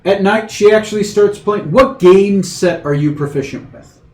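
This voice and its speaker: A man's voice: sits high, moderate pace. A man running a tabletop game as game master, explaining rolls and outcomes in a loose, rambling way with many fillers. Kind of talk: running a tabletop game over a video call. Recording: roomy echo.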